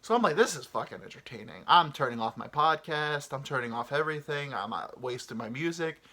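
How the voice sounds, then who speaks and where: A man hosting a comedy podcast, telling a travel story in a rambling, swearing, animated way. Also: fairly high pitch, a little fast. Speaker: podcast host.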